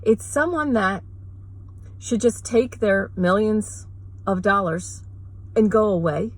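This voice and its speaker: A woman vlogger ranting sarcastically in a rambling, mocking way, with quick asides. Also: medium pitch, rough recording. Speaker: mother. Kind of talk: sarcastic comedic rant.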